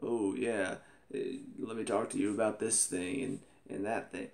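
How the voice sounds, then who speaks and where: A man imitating a bored male TV agent who talks in a flat, monotone drone with no inflection. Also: fairly low pitch, normal speed, pitched below the performer's own voice, natural voice. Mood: deadpan drone.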